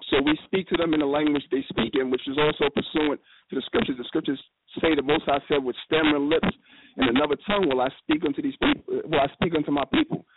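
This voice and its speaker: Man, fast speech, slightly high voice, tinny phone line, steady hiss behind. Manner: fast, animated storytelling with quoted dialogue. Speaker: guest speaker. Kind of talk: casual radio discussion.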